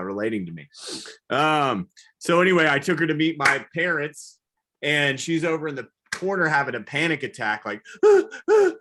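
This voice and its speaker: A man doing a rambling, self-deprecating stand-up comedy set, now and then yelling high whoops. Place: comedy show, live virtual audience.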